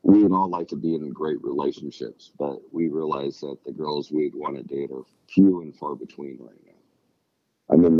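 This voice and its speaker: Man, very low voice, dry and dull sound, rambling, swears a lot, casual chat. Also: no echo. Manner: rambling, swears freely, acts out quotes.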